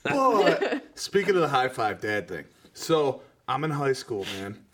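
A man on a casual podcast, telling crude stories in a joking, animated way. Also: mid-range voice, a little slow, slight background noise. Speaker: podcast guest. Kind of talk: casual storytelling chat.

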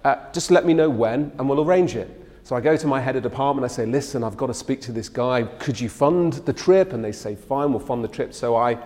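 A man's voice: medium pitch, a little mellow. Male lecturer telling stories in a hall. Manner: conversational storytelling, acting out quoted speech. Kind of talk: public lecture with anecdotes.

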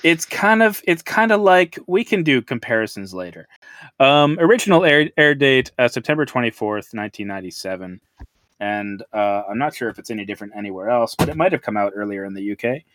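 A man's voice: medium pitch, animated, brisk, fairly bright tone, no echo. A man hosting a casual podcast, laid-back and meandering, chuckling between lines. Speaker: podcast host.

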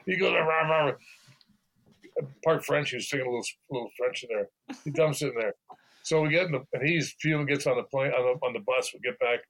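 An older man as a podcast guest, telling stories in a halting way, repeating words and laughing as he goes. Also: medium pitch, poor audio. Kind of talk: casual interview chat.

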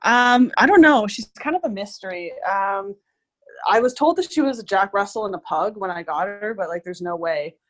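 A woman's voice: mid-range voice, expressive, normal speed, fairly bright tone. A woman who works in pest control, chatting casually as an interview guest, rambling with many fillers.

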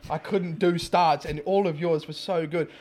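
A man's voice: a little high, steady tone, moderate pace, darkish tone. A man co-hosting a podcast, talking candidly and easily in casual chat.

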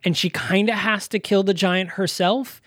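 A man's voice: high voice, steady tone, normal speed, a bit bright, dry recording, clean studio sound. Emotional rambling man reviewing a film. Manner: emotional, rambling retelling with many fillers. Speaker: podcast co-host. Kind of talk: casual movie review chat.

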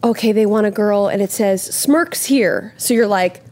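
A young woman who acts, chatting casually and animatedly, swearing freely and acting out what people say in lively voices. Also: medium pitch, moderate pace. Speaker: actress, podcast guest. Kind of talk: casual chat.

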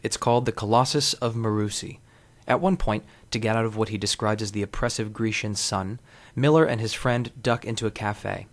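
Wry, deadpan male podcast host. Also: on the low side, fairly quick. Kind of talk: scripted essay narration.

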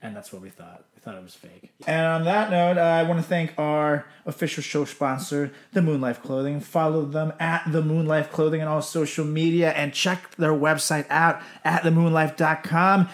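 A man's voice: a little high, moderate pace, few pauses. A young man co-hosting a podcast, joking, swearing and laughing often in casual banter. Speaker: podcast co-host.

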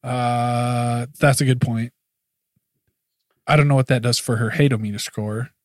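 A relaxed man co-hosts a casual TV review podcast, agreeing easily and moving things along from segment to segment. His voice sits at an ordinary pitch and is recorded close and dry. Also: a little slow, no echo. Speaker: podcast co-host. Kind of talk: casual chat reviewing a TV episode.

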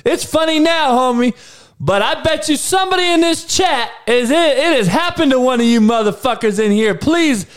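A man's voice: very high-pitched, very animated, measured pace. A male livestream host ranting to his live chat, profane and rambling, with many restarts. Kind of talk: casual unscripted rant to a live chat.

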